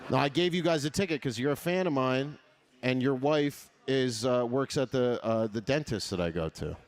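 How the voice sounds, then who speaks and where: Here a male comedian riffs with the audience at a moderate pace, casual and profane. Frequent laughter breaks in, and his pitch moves all over the place.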